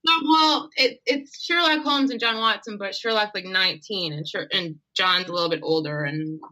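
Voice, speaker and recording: Bright-voiced woman author. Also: medium pitch, low-quality recording. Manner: laughing, self-deprecating, quick asides. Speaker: author guest. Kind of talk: casual interview chat.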